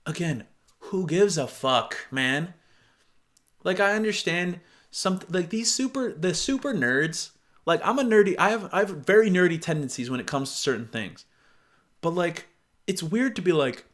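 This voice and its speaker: A man riffs sarcastically in a casual reaction commentary, exasperated and quick to swear. His voice sits a little high and swings widely in pitch. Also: expressive, a bit bright. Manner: laughs often while reading. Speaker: reaction video host.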